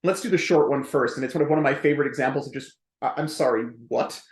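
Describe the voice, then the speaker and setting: A man speaking as a historian guest on an interview podcast, explaining in a lively, quick way with jokey asides. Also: medium pitch, reverberant.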